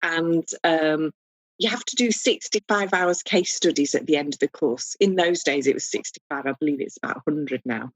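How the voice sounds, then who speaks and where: A woman, a podcast guest, telling lively and humorous stories in a casual chat. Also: deep voice, normal speed, dry recording, low-quality recording. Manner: animated, humorous, acts out voices in anecdotes. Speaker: guest foot reader. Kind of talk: casual storytelling interview.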